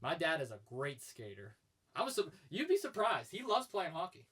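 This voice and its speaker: A young man co-hosting a casual podcast on a headset mic. He talks in an animated way, laughs often, and jumps into high, excited voices when he tells stories. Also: normal speed, slightly rough. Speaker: podcast co-host. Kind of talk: casual chat.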